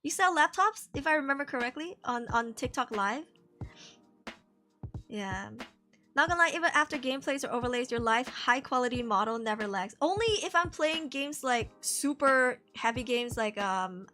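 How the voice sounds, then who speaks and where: A woman's voice: sits high, expressive, normal speed, sharp tone, soft background music. A woman from Malaysia with a Malaysian English accent, chatting casually on a live stream, reading out chat messages and answering them.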